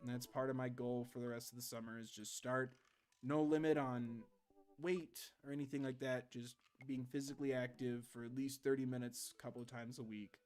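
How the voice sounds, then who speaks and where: A young man streaming a game live, chatting casually with quick jokes and asides while reading the game text aloud. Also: medium pitch, level tone, a little mellow, soft background music.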